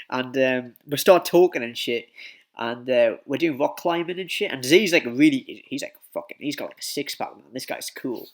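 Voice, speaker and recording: A man's voice: medium pitch, animated, normal speed. A young man telling a rambling, casual story, swearing a lot and filling with likes and ums. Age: young adult. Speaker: vlogger.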